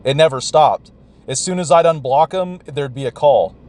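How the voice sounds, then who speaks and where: A man's voice: a little high, normal speed, darkish tone. A man vlogger telling a story in a profane, rambling rant. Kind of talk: ranting recount.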